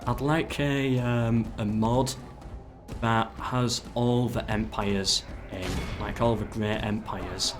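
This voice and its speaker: A man's voice: on the low side, steady tone, takes it slowly. A man casually commenting while playing a strategy game live, ordering his troops and chatting with viewers. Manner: chatty, gives orders to troops, talks to chat. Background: game music.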